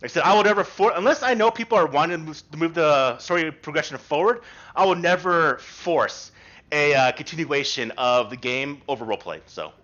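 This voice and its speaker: A man's voice: on the high side, a little fast, bright, forceful tone. A man running a tabletop game as game master, explaining rules in a rambling, reassuring way. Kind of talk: casual rules explanation and narration. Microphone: online voice call. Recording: muffled voice chat with faint music.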